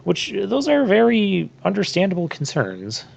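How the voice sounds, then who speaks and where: A man's voice: sits high, huge pitch swings, measured pace, gravelly. A man hosting a let's play, giving rambling, chatty gameplay commentary full of fillers. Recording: slightly muffled lo-fi mic.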